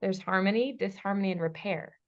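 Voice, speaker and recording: A woman relationship coach telling a personal story in a podcast conversation. She is animated, acting out the dialogue between herself and another person in shifting voices, and laughs now and then. The audio is a little dull and lo-fi. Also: mid-range voice, fairly quick. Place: lives in Bali.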